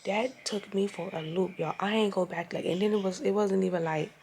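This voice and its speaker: Talking a bit fast in a mid-range voice with vocal fry, a young vlogger animatedly recounts a story at home, exasperated and swearing as she goes. There's a slight hiss or hum on the recording.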